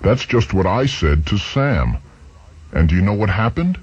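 A man's voice: on the low side, very animated, normal speed, darkish tone, breathy edge, voice pushed up. A man voicing an anxious young male engineer who speaks urgently, in a dull lo-fi recording. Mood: uneasy. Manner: urgent, worried.

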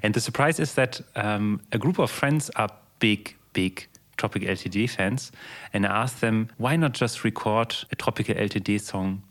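A fairly low-voiced man with as his co-hosts a relaxed radio music show. He talks hesitantly and playfully, with plenty of fillers. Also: normal speed. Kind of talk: casual radio chat.

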